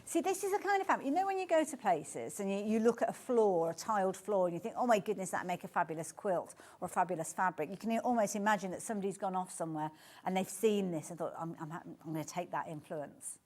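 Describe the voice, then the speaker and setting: A woman's voice: medium pitch, animated, fast talker, darkish tone. A woman presenting fabrics on a live TV sales show, chatty and gushing, praising each design. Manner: gushing, chatty, keeps saying beautiful. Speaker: shopping channel presenter. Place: TV studio.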